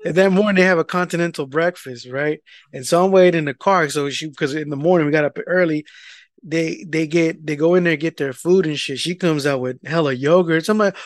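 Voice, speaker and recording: A man, telling a casual, profane story and loudly acting out the people in it. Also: a little high, fairly quick, dry recording, studio quality. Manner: animated, profane, rant-like, acts out quoted people loudly. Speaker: podcast co-host telling a story.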